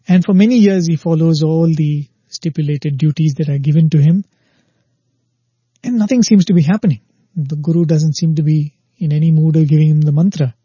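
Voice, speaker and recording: A man gives a spiritual talk in a husky, very mellow voice, pitched a little high for a man. He tells a parable at an easy pace and acts out its quoted lines. The recording is dull, lo-fi and dry. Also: no room sound. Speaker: spiritual speaker. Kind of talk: spiritual discourse with storytelling.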